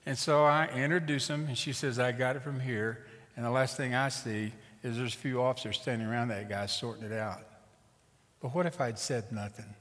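A middle-aged man preaching a sermon as a pastor and telling a story in an animated, conversational way. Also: medium pitch, brisk. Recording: reverberant hall.

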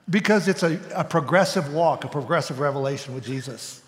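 A man's voice: on the high side, brisk, few pauses, in a large hall. A male pastor preaching a sermon in a conversational way, sometimes acting out voices.

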